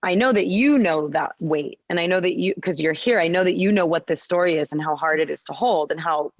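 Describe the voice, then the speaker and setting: A woman actor talking casually about her work, rambling quickly with lots of fillers and restarts. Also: lowish voice, dry recording, dull audio. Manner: fast rambling speech with many fillers and restarts. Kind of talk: casual conversation.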